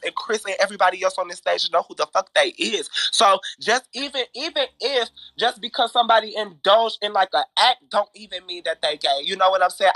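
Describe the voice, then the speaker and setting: A woman's voice: medium pitch, fairly bright tone, no echo, poor audio. A trans woman speaking as a guest in a heated panel debate, profane and talking over others.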